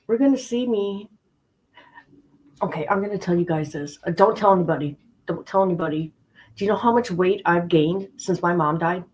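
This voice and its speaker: A woman's voice: on the low side, moderate pace, darkish tone, poor audio. Middle-aged woman, livestream host; casual, chatty, repeats herself for emphasis, addresses viewers directly. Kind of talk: casual chat with stream viewers.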